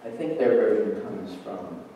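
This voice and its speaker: A man's voice: sits low, measured pace, muffled recording, slight background noise. An older man, a math professor, giving a wry, digressive public lecture. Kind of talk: public lecture with poetry reading. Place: lecture hall. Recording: distant, echoey lecture hall.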